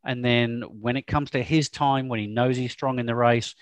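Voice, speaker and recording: A man's voice: medium pitch, normal speed, no echo. Chatty man, dry close sound. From Australia. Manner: lively, chatty and joking. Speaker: podcast host. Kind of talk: casual chat.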